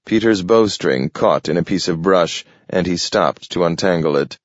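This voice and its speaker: A man narrating a story with measured, steady delivery. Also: low voice, dry recording. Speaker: audiobook narrator. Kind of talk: scripted narration. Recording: dull lo-fi dry recording.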